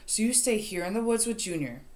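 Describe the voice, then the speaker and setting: A woman's voice: mid-range voice, animated, fairly quick, darkish tone, pitched above the performer's own voice, close to an everyday voice. A woman reading an audiobook, voicing a bossy teenage boy who gives urgent orders. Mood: commanding. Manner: commanding, urgent.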